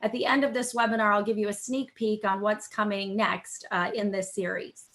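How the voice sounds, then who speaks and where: A woman hosting a virtual panel discussion and giving its opening remarks in a measured, semi-formal way, with some fillers. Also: mid-range voice, fairly even intonation, a bit bright. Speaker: think tank vice president hosting a webinar. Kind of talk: moderating an online panel discussion.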